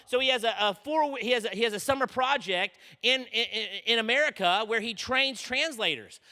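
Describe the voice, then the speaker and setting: A man's voice: very high voice, moderate pace, hardly any pauses, pushed and bright. A man preaching to students, telling a story energetically and often checking in with "okay?". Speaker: conference speaker. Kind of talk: sermon. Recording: long reverb in a large hall.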